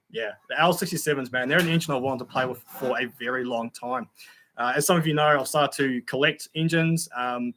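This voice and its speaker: A man's voice: mid-range voice, sharp tone, a little hiss or hum. A young man hosting a casual livestream, reading out viewer comments in a chatty, laid-back way with frequent ums and laughs.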